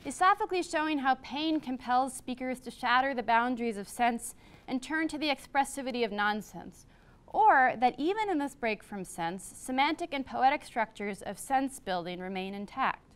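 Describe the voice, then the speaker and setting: A woman professor giving a public lecture on classics, partly read from a script, measured, with brief asides. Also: high voice, expressive, clear, resonant tone. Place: lecture hall.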